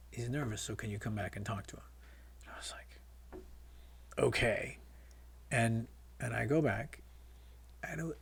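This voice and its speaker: A man's voice: lowish voice, vocal fry, husky. A middle-aged filmmaker, a man, telling stories casually in an interview, with many fillers and quoted dialogue. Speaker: guest filmmaker.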